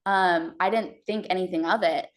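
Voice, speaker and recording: A woman from Texas, a podcast guest, telling her birth story in a casual, halting way with many fillers and restarts. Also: on the low side, fairly even intonation.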